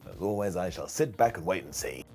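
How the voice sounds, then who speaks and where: A man giving a casual recap of a wrestling show, chatty and wry, slipping into quick impressions of the wrestlers. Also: sits low, lively intonation, a little mellow, husky, faint music behind.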